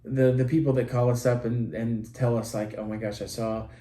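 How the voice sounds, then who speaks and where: A man's voice: mid-range voice, little pitch movement, moderate pace, mellow. Parent podcast co-host, male, mid-range voice, earnest and rambling, recorded in a roomy space. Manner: earnest, rambling, with many restarts. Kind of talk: casual podcast chat. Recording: roomy echo.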